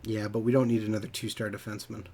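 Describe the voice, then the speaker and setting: In a lowish, fast voice, a man casually narrates his decisions in a hockey management game during a stream. He mutters as he reads results, giving a laid-back play-by-play of the menus.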